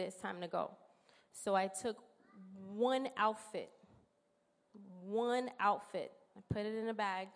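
A woman in her thirties with a New York accent, giving an earnest, emotional personal testimony in church. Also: mid-range voice. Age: 30s. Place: church sanctuary. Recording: long hall reverb in church.

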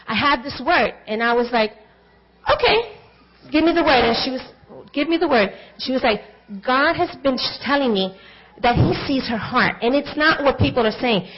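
High-voiced woman giving a lively sermon. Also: dull audio. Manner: animated storytelling, acting out quoted dialogue. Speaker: speaker at a church service. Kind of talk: personal testimony sermon.

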